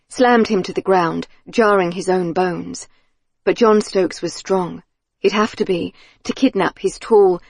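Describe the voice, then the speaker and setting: A woman reading an audiobook thriller in a measured, tense storytelling manner on a close studio mic. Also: fairly low pitch, a little mellow, breathy edge, no echo. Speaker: audiobook narrator. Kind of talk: scripted audiobook narration.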